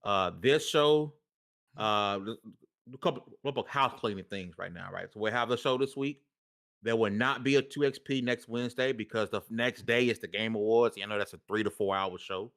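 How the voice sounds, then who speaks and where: A man hosts a gaming podcast with a slightly low voice. He talks in loose, slangy banter and cheers on the chat as he goes through the show's housekeeping. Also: normal speed, fairly bright tone, smooth. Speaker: podcast host.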